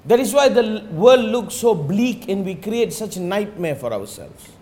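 A man teaching about meditation in an emphatic, rhetorical way. He slows down on key phrases, sometimes drops to a near-murmur, and keeps asking "you understand?". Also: high voice, big pitch swings, a little mellow. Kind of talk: spiritual talk.

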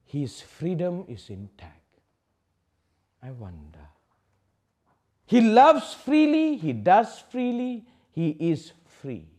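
A man giving a public spiritual talk, asking rhetorical questions and swinging from loud declarations to hushed asides. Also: high voice, huge pitch swings, slow, long pauses. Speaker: spiritual teacher.

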